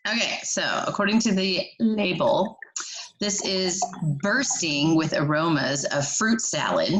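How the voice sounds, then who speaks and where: Low-voiced woman in casual wine chat. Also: animated, a little slow, noisy background. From United States. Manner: wry, teasing, reads wine labels aloud. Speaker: wine club co-host. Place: home, three friends chatting.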